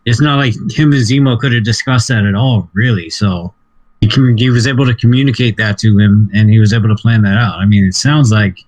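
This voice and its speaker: A man's voice: fairly low pitch, a little fast, darkish tone, rough recording. Joking, thoughtful male co-host. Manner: joking asides, then thoughtful analysis. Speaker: podcast co-host. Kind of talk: casual recap chat.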